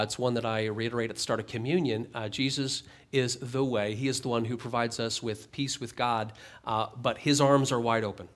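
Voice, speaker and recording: A man's voice: mid-range voice, fairly bright tone. Conversational male pastor preaching a sermon. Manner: conversational, reads scripture then comments with light humor. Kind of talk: expository sermon, reading scripture aloud.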